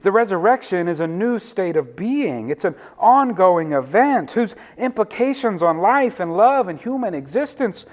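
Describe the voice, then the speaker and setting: A man preaching a sermon as pastor, laughing often and leaning hard on single words. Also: high-pitched.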